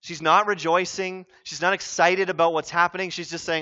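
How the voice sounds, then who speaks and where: A man preaching a sermon as pastor, earnest and conversational, with animated asides. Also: high voice, fairly quick. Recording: dull lo-fi sound.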